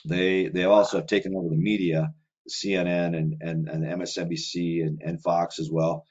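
A man's voice: low-pitched, little pitch movement, normal speed, darkish tone, husky, highs cut off. A man speaking as an interview guest in a casual, rambling way, with run-on sentences and lots of filler words. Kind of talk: casual conversational monologue.

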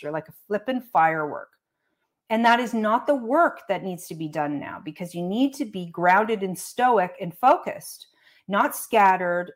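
Woman commentator, mid-range voice, casual rant, sarcastic and blunt, drops profanity. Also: mid-range voice. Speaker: online commentator.

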